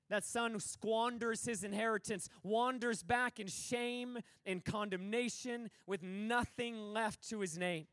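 A man's voice: high voice, fairly even intonation, slow, few pauses, a bit bright, no room sound, studio quality. A middle-aged man preaching a passionate, emphatic sermon, acting out the quoted dialogue from the stories he tells. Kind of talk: conference sermon.

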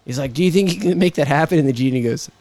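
A man with a slightly higher voice telling an old joke to his friends. His delivery is loose and full of fillers, and he keeps restarting his sentences. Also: racing, a little mellow.

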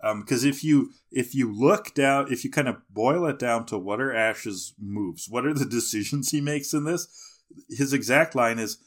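A man's voice: mid-range voice, moderate pace, a bit bright. Laughing, mocking male podcast co-host. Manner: laughs often, mocking and playful. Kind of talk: casual podcast chat.

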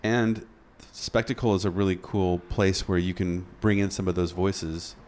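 Male interviewer and consultant, lowish pitch, upbeat and encouraging, conversational. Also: steady tone, normal speed, darkish tone, a little hiss or hum. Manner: enthusiastic, encouraging.

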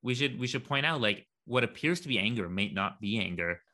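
A man in relaxed conversation, telling lively stories and acting out what people said. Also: medium pitch, a little fast. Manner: animated storyteller, acts out quoted dialogue. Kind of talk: casual conversation.

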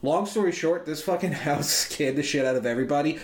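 A man's voice: fairly high pitch, fairly quick. Man telling a rambling, profane story. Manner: profane, rambling, loose and chatty. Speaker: podcast co-host. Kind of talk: casual storytelling among friends. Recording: roomy echo.

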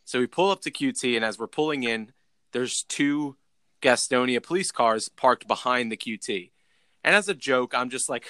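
A man's voice: mid-range voice, moderate pace, bright, forceful tone, smooth, no room sound. A young man casually telling a rambling story, full of "like" and restarts. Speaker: podcast co-host.

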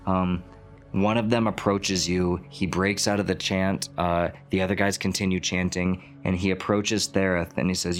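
Low-voiced man narrating a tabletop game. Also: normal speed, soft background music. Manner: relaxed, descriptive, with fillers. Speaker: game master.

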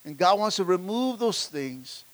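This man preaches as a pastor, high-voiced and animated, speaking a little slowly. He fervently calls out to the congregation with call-and-response, frequently repeating words when he starts a line over.

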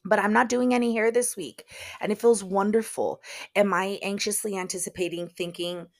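A woman's voice: mid-range voice, fairly even intonation, normal speed. Chatty woman hosting a solo podcast. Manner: chatty, jokey and self-deprecating with sudden loud bursts. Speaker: podcast host. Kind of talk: casual solo podcast chat. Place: recording studio.

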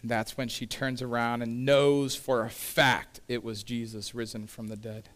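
A man's voice: mid-range voice, little pitch movement, moderate pace, fairly bright tone. A male pastor delivering a sermon in a conversational, casual way, with frequent asides to the congregation.

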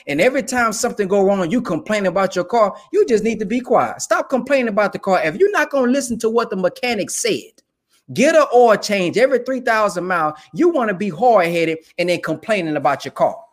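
This is a young adult man's preachy, emphatic take, delivered casually and colloquially to camera. His voice sits high and is expressive, moving at a fairly quick pace.

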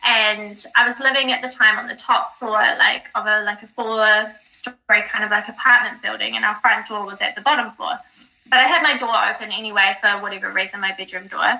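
A woman guest on a podcast, telling a personal story in casual chat, animated, with many fillers and the odd swear. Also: medium pitch, a little fast, gravelly, low-quality recording. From not from the UK. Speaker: psychic guest.

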